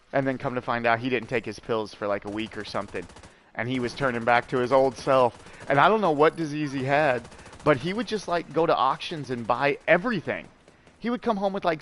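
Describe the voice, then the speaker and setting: Chatty man with a smooth clear voice. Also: mid-range voice, a bit bright. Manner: rambling, chatty, lots of fillers and asides to chat. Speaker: gaming streamer. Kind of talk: casual storytelling while gaming.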